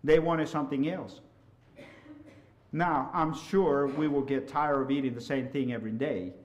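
A middle-aged man preaching a sermon, swinging from loud, impassioned hollering down to soft, quiet asides. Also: medium pitch, steady tone, moderate pace.

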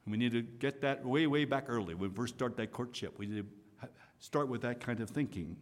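A man preaching a sermon, swinging from loud emphatic lines to soft hushed asides. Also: medium pitch, fairly quick. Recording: long hall reverb.

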